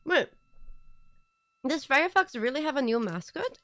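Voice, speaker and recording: A woman streamer chatting casually at her computer during a watch party, excitable and giggly, rambling from one aside to the next. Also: sits high, dry recording. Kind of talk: casual live-stream chat.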